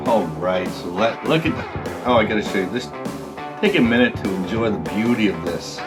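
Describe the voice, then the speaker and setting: A man hosting a home cooking video, talking through each step and admiring the food with drawn-out, excited exclamations. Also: lowish voice, over loud music. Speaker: cooking channel host. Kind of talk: cooking vlog narration.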